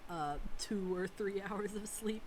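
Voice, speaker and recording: A woman's voice: mid-range voice, slow, darkish tone, slight background noise, rough recording. A young woman chatting before running a tabletop game on a voice call, worn out and yawning, swearing as she vents. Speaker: dungeon master.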